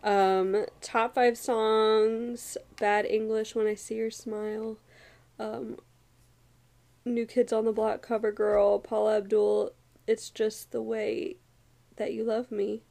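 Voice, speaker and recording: A woman co-hosting a podcast, chatting casually about a sitcom episode with drawn-out reactions. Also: a little high, flat delivery, creaky, warm tone. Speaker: podcast co-host.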